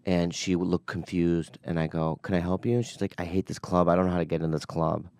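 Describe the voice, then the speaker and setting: Comedian guest in his forties, low smooth voice, animated storyteller, dry studio sound. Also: fast talker, no room sound. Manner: animated storyteller, acts out quotes. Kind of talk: casual storytelling chat.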